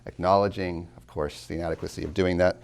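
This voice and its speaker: A man lecturing on poetry as a college tutor. He slows down to stress key words, swings from loud to near-whispered, and drops wry asides to his students. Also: low voice, steady tone, vocal fry, slight background noise. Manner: dramatic swings in loudness, drops to near whispers when savoring lines; slow, deliberate emphasis on key words.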